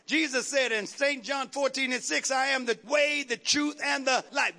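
A man preaching a call-and-response sermon, building rhythmic repeated lines into shouted refrains. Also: very high voice, steady tone, normal speed, vocal fry, few pauses.

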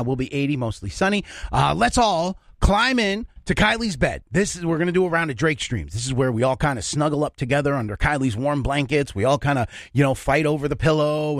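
A man with a fairly high, lively voice runs the morning radio banter at a studio mic. He jokes and teases his co-host, his pitch swinging freely. The sound is dry and close. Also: no echo. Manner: joking, teasing. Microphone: studio microphone.

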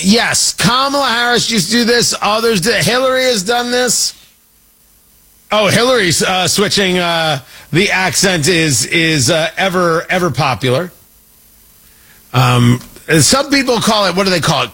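Sarcastic talk-show host, husky and high. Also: male voice, sharp tone. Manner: sarcastic, mocking, rambling with restarts. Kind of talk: opinionated talk-show commentary.

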